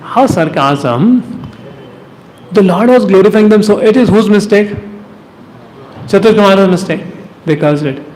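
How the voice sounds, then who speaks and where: A man with an Indian English accent teaching a devotional class, lively and teasing, with rhetorical questions and chuckles. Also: sits high, measured pace, long pauses. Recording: long hall reverb, faint noise.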